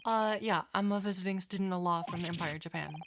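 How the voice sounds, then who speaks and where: A woman's voice: fairly low pitch, brisk, background noise, natural voice. A woman reading the lines of a polite young male defense lawyer in her own voice, hesitant and courteous.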